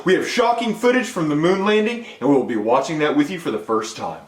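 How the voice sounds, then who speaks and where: A man's voice: on the high side, animated, brisk, roomy sound, a crowd in the background, close to an everyday voice. A man playing a theatrical TV news anchor. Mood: announcing. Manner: announcer-like, theatrical.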